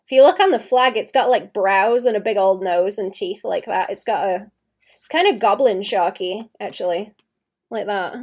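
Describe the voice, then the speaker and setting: A woman's voice: medium pitch, moderate pace, darkish tone. A young woman with a light Welsh accent, chatting casually and rambling as she draws on a live stream, laughing often. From Wales. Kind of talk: casual livestream chat while drawing.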